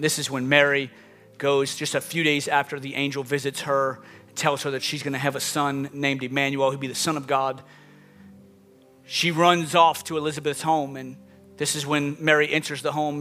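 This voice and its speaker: A man's voice: a little high, normal speed, sharp tone, soft background music. A man preaching a sermon as pastor, emphatic, his voice rising and dropping with the point he makes. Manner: emphatic, rising and falling dynamically.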